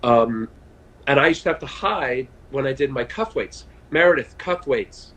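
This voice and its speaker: Man, 50s, ex-pitcher guest; animated storyteller on a live video call, mid pitch. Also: normal speed, slight background noise, rough recording. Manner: chatty storyteller, animated, frequent fillers and restarts. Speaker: guest, former baseball pitcher. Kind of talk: casual conversational interview.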